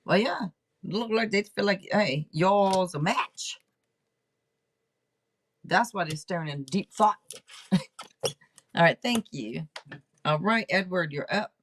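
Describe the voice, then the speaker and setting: Lively, direct woman reading tarot. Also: fairly low pitch, normal speed. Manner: direct and playful, teasing viewers. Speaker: tarot reader and livestream host. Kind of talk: casual livestream tarot reading.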